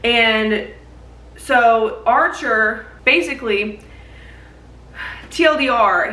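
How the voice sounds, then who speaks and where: A woman's voice: medium pitch, roomy sound, recorded from a distance, background noise. A young woman casually recapping a book she read, rambling with lots of "like" and plenty of swearing. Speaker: book vlogger.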